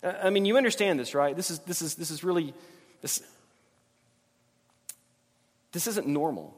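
A middle-aged male pastor gives a sermon with a fairly high voice. He talks to the congregation like it's a conversation and stumbles over repeated words when he's emphatic. The sound carries a long reverb from a large church hall. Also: expressive, fast talker, breathy edge.

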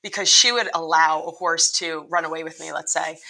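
A woman's voice: low voice, steady tone, fairly quick, gravelly, bright, forceful tone, poor audio. A middle-aged woman, a lacrosse coach, telling her story earnestly in a podcast interview, with frequent restarts.

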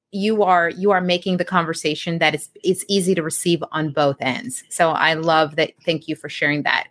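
A woman hosting a conversational interview, affirming and enthusiastic toward her guest. Her voice sits a little low. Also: a bit bright. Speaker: podcast interviewer.

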